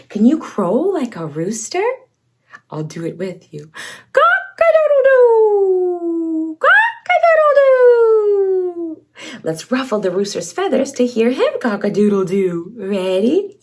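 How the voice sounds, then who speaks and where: A woman's voice: fairly high pitch, darkish tone. A woman hosting a toddler learning video, reading aloud in an exaggerated sing-song voice, with gasps, cheers and animal sounds. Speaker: children's educational show host.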